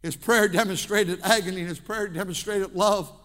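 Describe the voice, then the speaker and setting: A man preaching a sermon as pastor in a church, impassioned, swinging between hushed and shouting. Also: sits high, fairly even intonation, moderate pace, big-room sound. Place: church sanctuary.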